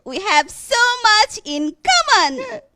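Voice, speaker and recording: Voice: extremely high pitch, sing-song, slow, very noisy, full character voice. A puppeteer voicing a sweet, earnest young child puppet on a children's TV show.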